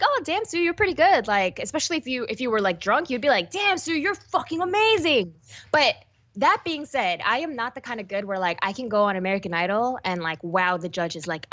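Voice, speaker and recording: A young woman esports host answering interview questions in an animated, self-deprecating way. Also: medium pitch, muffled recording.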